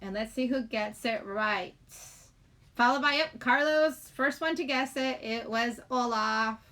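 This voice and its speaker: A middle-aged woman chats on a livestream in a fairly high voice. She rambles, giggles and greets viewers in the chat as she talks. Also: a little slow, a bit bright. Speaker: livestream host.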